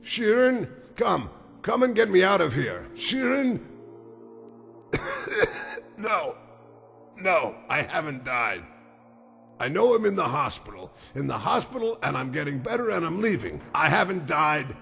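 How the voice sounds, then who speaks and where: A gravelly, feverish dying man. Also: a little high, sing-song, a little slow, pauses often, a bit bright, in a large hall, soft background music, heavily acted. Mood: desperate denial. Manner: pleading, then bitter and defiant. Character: feverish dying man, demanding, terrified of death. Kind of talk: dubbed drama dialogue.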